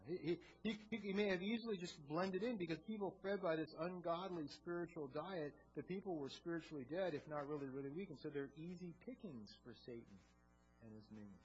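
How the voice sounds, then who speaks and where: Male pastor, high voice, earnest sermon delivery with stumbling repeats, dull lo-fi sound. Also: a little fast, darkish tone, a little hiss or hum. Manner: earnest preaching with frequent word repeats.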